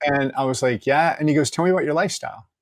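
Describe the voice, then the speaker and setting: A man, a podcast guest, telling a story in casual conversation, candid and joking, quoting people in lively asides and swearing freely. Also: fairly high pitch, very fast, dry recording, studio quality.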